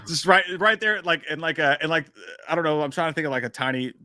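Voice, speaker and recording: A man co-hosting a casual live-stream movie news show, animated and laughing often. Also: on the high side, moderate pace, no room sound, studio quality. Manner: animated, laughing, jumps into sung and silly voices. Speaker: podcast co-host.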